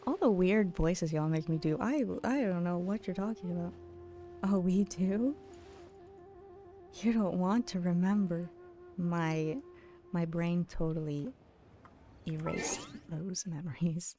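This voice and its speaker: A playful woman streamer with a mellow, warm tone, chatting and teasing her viewers between giggles. Her voice sits a little low for a woman and often sinks into a late-night hush. Faint music plays underneath. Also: slow pace, long pauses. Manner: drops to a hushed late-night voice at times. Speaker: game streamer. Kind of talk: casual chat with live viewers.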